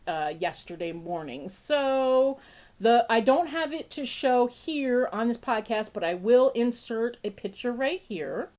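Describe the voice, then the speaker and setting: This podcast host is a woman with a sniffly nose and a fairly high voice, keeping the talk light and chatty. Playful throughout, she laughs a lot and leaps up in pitch whenever excitement takes over.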